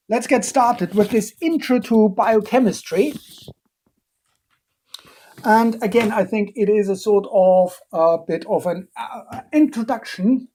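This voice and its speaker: A man lectures on biochemistry over a live stream, in an unhurried, dark and mellow voice. He pauses often and fills the gaps with ums and uhs. Every so often he breaks off to answer questions from the chat with a playful aside. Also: high-pitched, expressive, slightly rough. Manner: hesitant, many fillers, playful asides.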